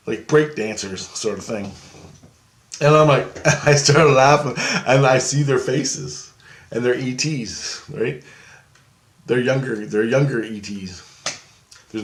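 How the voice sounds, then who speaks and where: A man recounts an astral travel experience in a loose, rambling style, swearing, laughing often and performing the voices of the people involved. His mid-range voice is a bit bright, and the sound is roomy.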